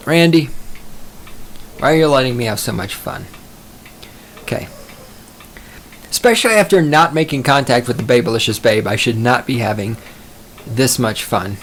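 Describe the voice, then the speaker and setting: A man's voice: mid-range voice, fairly bright tone, slight background noise. Rambling, profane male podcast host. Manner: rambling, profane, self-mocking. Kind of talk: solo podcast monologue.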